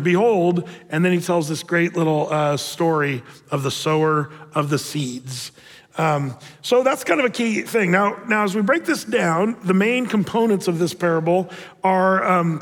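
A man with a high voice preaches to his congregation in a casual, chatty way, full of fillers and restarted phrases. He slows right down for the scripture readings. His voice rings out across a church sanctuary with a long reverb. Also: animated, fairly bright tone. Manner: conversational, with many fillers and repeated starts. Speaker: pastor. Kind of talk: sermon.

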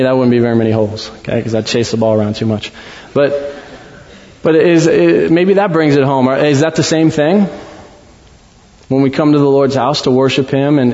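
A man's voice: medium pitch, dark tone. Guy giving a sermon, chatty and stop-start, echoey church hall, kinda dull muffled sound. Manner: conversational, halting, many restarts. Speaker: pastor. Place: church sanctuary.

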